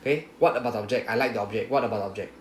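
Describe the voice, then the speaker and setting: A man's voice: fairly low pitch, very fast. Man teaching in a roomy classroom. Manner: patient, repetitive, checks understanding with "right?". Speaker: Japanese language teacher. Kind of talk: classroom grammar explanation. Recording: roomy classroom echo, faint hum.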